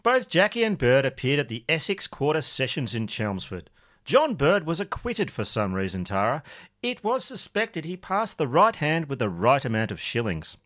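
A man's voice: medium pitch, huge pitch swings, moderate pace, fairly bright tone. A man co-hosting, recounting a comic history story in a dry, matter-of-fact way. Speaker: podcast co-host.

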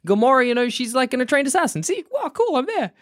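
A man chatting casually on a podcast, jokey and animated, tossing in quick character voices. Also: very high voice. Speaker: podcast co-host. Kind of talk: casual chat.

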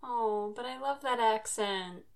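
A woman's voice: fairly high pitch, a little slow, vocal fry. A woman co-hosting a podcast in casual chat, with frequent laughter and short, dry quips. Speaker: podcast co-host.

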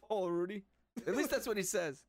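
A man's voice: sits high, animated, normal speed, dry recording. A man co-hosting a casual podcast, telling a story between laughs. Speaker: podcast co-host.

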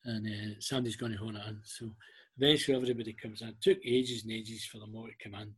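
A man's voice: lowish voice, fast, breathy edge. A middle-aged Scottish man telling a story in casual chat, acting out what people said. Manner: animated anecdotes, acting out quoted voices. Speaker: guest.

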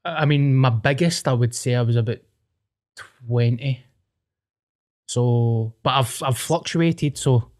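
A man's voice: medium pitch, takes it slowly, pauses often, a little mellow. A young Scottish man co-hosting a podcast, telling stories in casual chat with plenty of swearing. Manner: storytelling, sweary, laughing. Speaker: podcast co-host.

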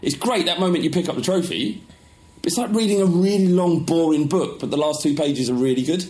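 A man's voice: fairly high pitch, fairly quick, darkish tone. A man co-hosting a football podcast in casual chat, blunt and opinionated with mock outrage. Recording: echoey room.

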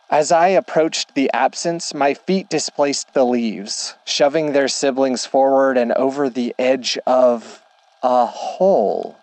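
A man narrating a horror story in a slow, measured way. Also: mid-range voice, darkish tone, dry recording.

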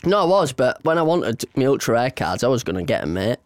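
A young man, co-hosting a podcast, telling childhood stories in an animated, laughing way. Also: medium pitch, quick pace, no room sound, clean studio sound. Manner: animated, laughs often, playful storyteller. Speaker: podcast co-host. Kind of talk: casual storytelling chat.

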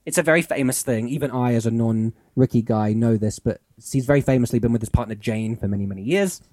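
A man's voice: mid-range voice, fast, dark tone, dry recording, clean studio sound. A man co-hosting a podcast in casual chat, rambling and musing with lots of fillers. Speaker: podcast co-host.

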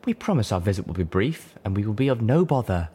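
A man's voice: medium pitch, sing-song, normal speed, warm tone, husky, voice pushed up. A man voicing a gracious pony mare diplomat. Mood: grand, courteous. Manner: formal, grandly polite and theatrical. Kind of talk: audiobook reading of fan fiction.

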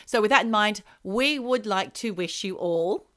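A woman's voice: medium pitch, lively intonation, moderate pace, a bit bright. A woman co-hosting a podcast, chatting casually with a wry, teasing, curious manner. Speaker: podcast co-host. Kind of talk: casual chat.

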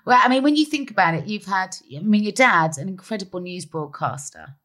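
A woman's voice: medium pitch, lively intonation, a little fast, a bit bright. Reflective woman interviewer. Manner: admiring, reflective, thinks aloud. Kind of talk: conversational interview.

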